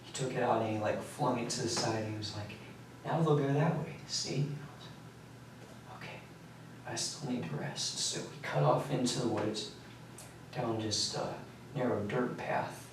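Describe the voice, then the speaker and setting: A young man giving a police confession in a recorded interview, talking in a halting, detached way with many pauses and fillers. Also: mid-range voice, gravelly. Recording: echoey room recording from far off, faint hiss.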